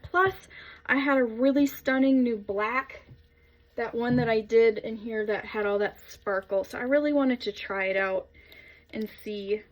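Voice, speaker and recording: A woman's voice: on the high side, highs cut off. A young adult woman soap maker chatting casually through a tutorial, rambling into asides while she works.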